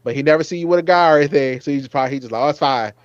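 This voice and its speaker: Animated man chatting, dry dull sound. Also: fairly high pitch, racing, smooth, no echo. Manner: animated, acts out characters' lines in quoted asides; frequent fillers and restarts, exclaims loudly. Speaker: show host. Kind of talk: casual TV episode review chat.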